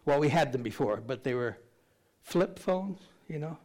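A man's voice: on the high side, lively intonation, normal speed, a little mellow. Older male pastor who preaches in a chatty, storytelling way and drifts into self-deprecating tangents. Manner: conversational storyteller with rambling asides and self-deprecating humor. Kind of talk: sermon with scripture reading.

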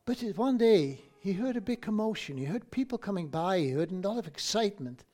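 A man preaching a sermon, retelling a story in an unhurried way, often restarting phrases and adding asides. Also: high voice, lively intonation, dark tone.

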